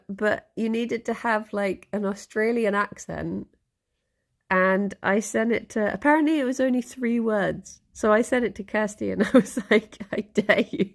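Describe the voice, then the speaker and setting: A woman in her thirties, chatting casually and rambling as she streams. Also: fairly high pitch. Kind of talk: casual chat. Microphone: desk microphone.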